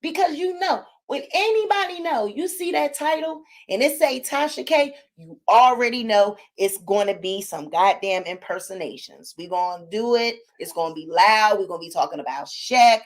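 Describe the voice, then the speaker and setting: A woman hosts her own channel in loose, casual chat. Her voice is loud and sits high, and she talks in an animated, sassy way, addressing viewers directly and fussing over her dog. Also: normal speed, few pauses. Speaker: channel host.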